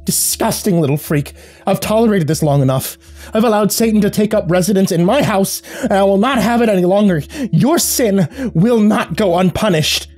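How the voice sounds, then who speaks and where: A man's voice: high voice, normal speed, darkish tone, soft background music, pitched above the performer's own voice. A man voicing a furious, fanatical religious aunt in a horror story, scolding with shrieking hatred. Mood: raging. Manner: shrieking, hate-filled scolding.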